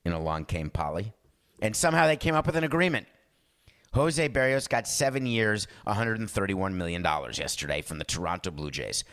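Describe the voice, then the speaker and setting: A man's voice: fairly low pitch, sing-song, brisk, fairly bright tone. A man hosting a sports talk show, riffing in a theatrical way and acting out phone calls in character voices. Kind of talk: animated sports talk monologue.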